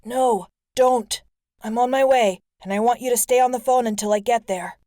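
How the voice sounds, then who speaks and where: A woman's voice: a little high, normal speed, mellow, dry recording, clean studio sound, pitched above the performer's own voice, lightly acted. A woman voicing a teenage boy who gives urgent, commanding instructions over the phone.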